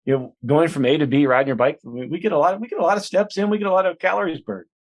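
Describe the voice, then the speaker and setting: A man's voice: fairly high pitch, racing. A man in his forties, a minister and author, chatting as a guest in an interview and telling stories with lots of restarts. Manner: chatty storyteller, full of "you know" and restarts. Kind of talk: casual interview conversation.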